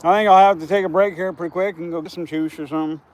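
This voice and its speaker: A man hosting a fishing livestream outdoors on a riverbank, chatting casually in a hoarse, scratchy voice and rambling as he repeats himself. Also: high-pitched, steady tone, very fast. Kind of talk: casual live-stream chat.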